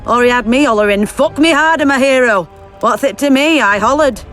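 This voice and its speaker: An actress playing a bawdy, blunt camp prostitute in a video game, speaking crudely with a slight lisp. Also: female voice, sits high, brisk, a bit bright, faint music behind. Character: bawdy brash young camp prostitute woman.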